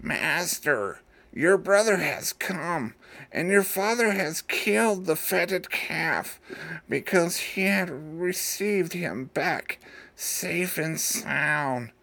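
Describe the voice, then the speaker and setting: A man doing a quiet, deferential servant. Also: on the high side, lively intonation, very slow, creaky, pitched above the performer's own voice, heavily acted. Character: deferential male household servant.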